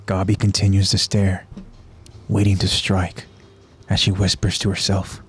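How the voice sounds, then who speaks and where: A man who hosts a podcast, retelling an anime episode scene by scene in a steady, descriptive way. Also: deep voice, a little slow, husky. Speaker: podcast host.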